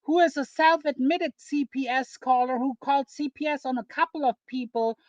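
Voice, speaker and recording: A woman's voice: sits high, steady tone, moderate pace, a little mellow, no room sound, highs cut off. A woman from Germany hosting a livestream, reacting to a clip with exasperated, profane commentary. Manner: exasperated, swearing, rambling.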